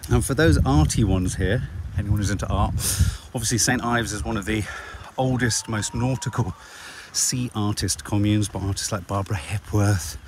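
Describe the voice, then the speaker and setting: A man's voice: fairly low pitch, normal speed, hardly any pauses. A middle-aged man chatting playfully and teasingly while walking outdoors on a windy coast path and filming a vlog. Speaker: vlogger. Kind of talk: casual chat on a walk.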